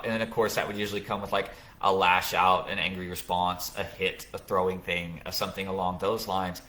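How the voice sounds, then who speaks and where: Low, bright-voiced man explaining. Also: steady tone, normal speed. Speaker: podcast host. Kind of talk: casual live podcast talk.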